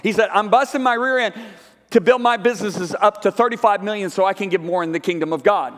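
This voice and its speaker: Male guest preacher, higher register, animated storyteller voicing both sides of the dialogue, live church hall reverb. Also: fast talker. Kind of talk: sermon storytelling. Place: large church sanctuary.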